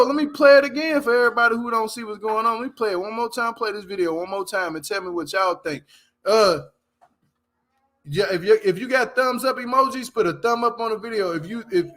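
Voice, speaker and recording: A man's voice: high-pitched, pushed and bright. A man hosting a casual commentary show, ranting bluntly and with a lot of swearing while speaking straight to his viewers. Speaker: commentary channel host.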